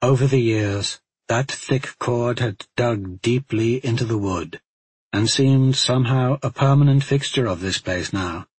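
A man narrating a fantasy novel in a measured storytelling voice. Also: mid-range voice, slightly rough, dry recording. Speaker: audiobook narrator.

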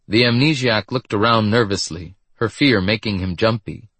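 A man with a husky voice reading a story in steady scripted narration. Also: fairly low pitch, normal speed, no echo.

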